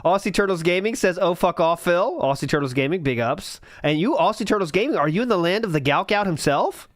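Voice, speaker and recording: A woman's voice: on the low side, lively intonation, brisk, no room sound, studio quality. A woman co-hosting a stream, reading chat aloud and teasing, laughing often. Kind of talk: casual chat.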